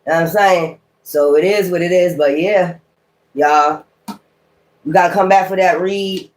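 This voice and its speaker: A woman's voice: lowish voice, a little slow, a little mellow, a little hiss or hum. A woman tarot reader talking straight to her viewers in a blunt, heated rant full of cursing. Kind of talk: casual profane rant to viewers.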